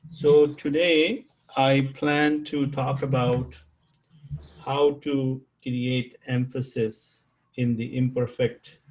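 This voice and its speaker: A man teaching an online Arabic grammar class over a video call, slow and patient, repeating key terms and quizzing his students. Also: medium pitch, little pitch movement, darkish tone, low-quality recording. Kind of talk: live online class lecture.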